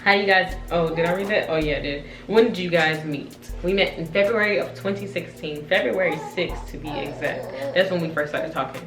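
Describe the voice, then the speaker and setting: A woman answering viewer questions in a casual vlog chat, bubbly and quick to laugh. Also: on the low side. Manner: bubbly, laughs often, gets teary. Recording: roomy sound from a distant mic with music behind.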